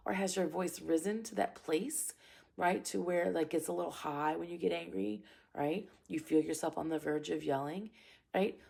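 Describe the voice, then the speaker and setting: A woman karate instructor giving parenting advice in a calm, direct and emphatic way, often repeating her phrases. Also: fairly low pitch, moderate pace, vocal fry, husky.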